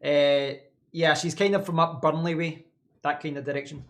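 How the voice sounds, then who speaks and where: A man's voice: on the high side, fairly even intonation, normal speed. A man hosting a casual live stream from his home office desk, answering chat in a rambling way and repeating words as he thinks.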